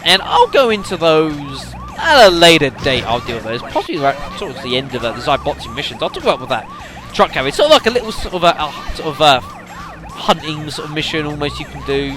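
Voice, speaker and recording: Guy doing a let's play, bit high and bright, voice bouncing all over, lots of um and uh, keeps saying folks. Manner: rambling, filler-heavy, keeps addressing the audience as folks. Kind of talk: casual gameplay commentary.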